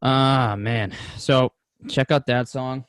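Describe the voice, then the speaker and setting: A man's voice: medium pitch, steady tone, slow pace, smooth, dry recording. A young man chatting casually on a podcast, loose and profane, spinning stories with a laugh never far off. His voice sits mid-range and is recorded close and dry, with no room sound. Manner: loose, swearing, storytelling with laughs. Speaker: podcast co-host. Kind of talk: casual chat.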